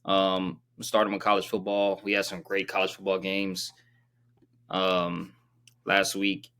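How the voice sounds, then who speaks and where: A young man hosting a casual sports reaction vlog, talking in loose slang with a subdued, self-described monotone delivery. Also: low voice, a little slow, smooth. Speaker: sports channel host.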